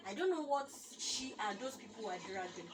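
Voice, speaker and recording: A woman's voice: on the high side, fairly quick, noisy background. A young Nigerian woman with a Nigerian accent, chatting casually as co-host and telling stories animatedly, taking on other people's voices. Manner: animated storyteller acting out quoted people. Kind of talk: casual chat. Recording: far from the mic, with music behind.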